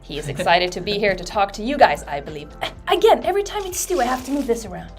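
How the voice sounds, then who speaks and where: A woman's voice: mid-range voice, big pitch swings, fast, faint music behind. A woman from Sweden with an American accent, hosting a casual livestream, bubbly and giggly as she reads viewer comments. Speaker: livestream host.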